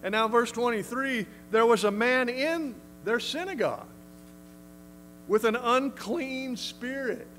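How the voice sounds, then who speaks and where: A man's voice: very high voice, unhurried, fairly bright tone, a little hiss or hum, poor audio. A male pastor preaching a sermon in an emphatic, conversational way. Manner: emphatic, conversational, acts out quotes.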